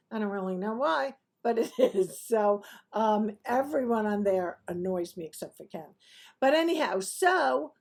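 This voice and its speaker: A woman's voice: on the high side, creaky, darkish tone, husky. A woman hosting her own sports talk show, rambling casually through opinions with frequent asides. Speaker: host of a sports commentary show.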